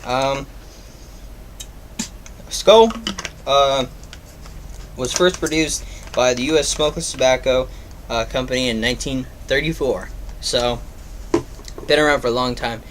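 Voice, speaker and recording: A man at a middle pitch gives a loose, casual review. He rambles and fills pauses with ums and uhs, and a faint hiss sits under his voice. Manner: rambling, filler-heavy, offhand. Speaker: product reviewer.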